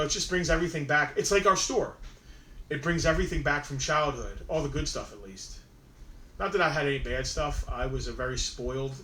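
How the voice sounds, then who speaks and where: A man's voice: a little high, fairly bright tone, reverberant, slight background noise, poor audio. A man who runs a toy store, hosting a live sale in casual, rambling, self-deprecating chat. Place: inside a toy and collectibles store.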